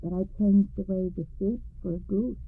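A contented old farmer speaks without a care in the world, voiced by a woman reading a storybook. The voice is gravelly and comes over a tinny, lo-fi radio line. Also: mid-range voice, normal speed, no room sound. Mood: easygoing. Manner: easygoing, unbothered.

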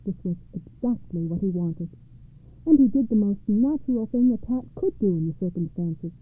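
A woman narrating fairy tales for a radio program in a measured, expressive storytelling manner. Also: medium pitch. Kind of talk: fairy tale read-aloud narration. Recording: tinny phone-like radio sound.

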